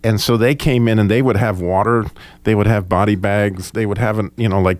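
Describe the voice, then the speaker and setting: Low-pitched man, reflective group talk, halting with restarts, dry close sound. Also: steady tone, a little mellow, dry recording. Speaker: discussion participant. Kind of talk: casual group discussion.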